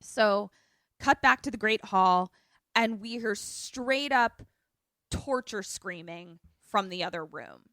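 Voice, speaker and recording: A woman co-hosting a podcast, recapping a film with lively, loose storytelling and acted-out quotes. She swears freely and speaks at a medium pitch. The sound is dry and close. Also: slow pace, no room sound. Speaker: podcast co-host. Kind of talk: casual movie recap chat.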